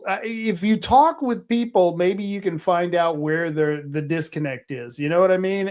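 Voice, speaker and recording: Halting, rambling male talk-show host. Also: sits high, a little mellow. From Oregon. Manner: rambling, halting with many fillers. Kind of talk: casual panel talk.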